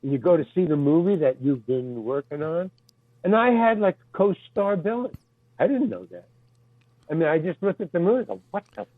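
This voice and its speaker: A man's voice: fairly high pitch, big pitch swings, normal speed, dry recording. An older man, a guest actor, tells rambling stories with stammering restarts and casual swearing, on a tinny, phone-like recording. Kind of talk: rambling anecdotal storytelling. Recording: tinny phone-like dry sound.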